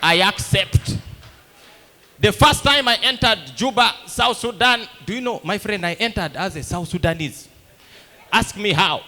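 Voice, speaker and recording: A Ugandan man with a high voice and measured pace performs a stand-up comedy set. His animated storytelling acts out the voices and lines of other people.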